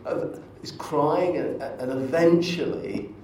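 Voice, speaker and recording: A man preaching in a church, speaking slowly in a relaxed, conversational way. His voice rings through the big room from a distant mic. A faint hum sits underneath. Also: a little high. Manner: conversational, storytelling with asides. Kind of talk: sermon. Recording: echoey church from far off.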